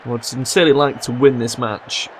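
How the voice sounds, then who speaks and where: A young man commentating his own football management game, swearing and yelling at his players when they mess up. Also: mid-range voice, steady tone, a little fast, some chatter behind. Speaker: gaming commentator. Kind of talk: let's play commentary.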